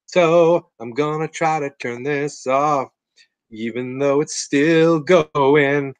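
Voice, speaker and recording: A man's voice: on the high side, takes it slowly, clear, resonant tone, dry recording, poor audio. A man hosting a live podcast stream from home, rambling casually and joking about being a bit tipsy. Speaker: podcast host. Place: at home with family.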